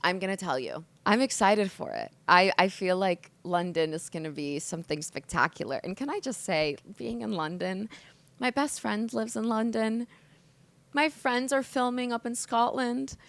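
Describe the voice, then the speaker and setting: An American woman in her twenties hosts her own podcast, delivering a candid, emotional solo monologue while hungover. Her lowish voice has vocal fry and moves at a normal speed in a dry recording, and she swears freely and says "like" a lot.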